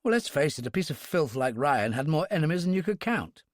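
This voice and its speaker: A man voicing a tough young woman police inspector in an audiobook, speaking crisply and in a businesslike way. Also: on the high side, very animated, a little fast, no echo, clean studio sound.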